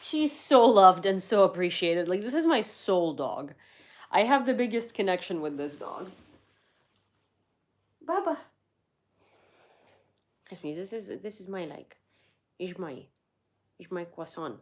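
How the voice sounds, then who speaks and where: Lively chatty woman streamer. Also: fairly low pitch, moderate pace. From Ukraine. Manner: chatty, coos and baby-talks to her dog. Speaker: livestream host. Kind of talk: casual livestream chat.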